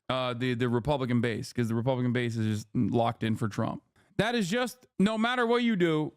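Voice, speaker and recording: A man giving casual political commentary as a streamer, animated and profane, often tagging his points with "okay?". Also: a little high, no room sound, studio quality. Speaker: streamer reacting to news.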